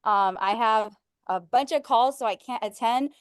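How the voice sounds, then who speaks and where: Smooth-voiced woman signing off. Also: fairly high pitch, moderate pace, no echo, studio quality. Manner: warm, rambling sign-off with fillers. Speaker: book club member. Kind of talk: casual call farewell. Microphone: video call.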